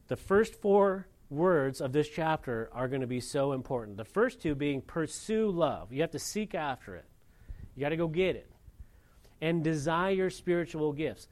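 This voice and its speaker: A man's voice: on the high side, lively intonation, moderate pace, darkish tone. A man preaching a sermon, earnest and asking the congregation rhetorical questions. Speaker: pastor.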